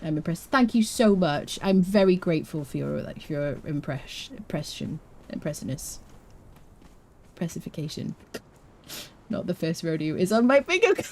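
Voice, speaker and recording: Woman game streamer, animated pitch, playful banter with chat, faint hiss behind. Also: moderate pace. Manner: chatty, laughs often, playful asides to chat. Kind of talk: live game commentary.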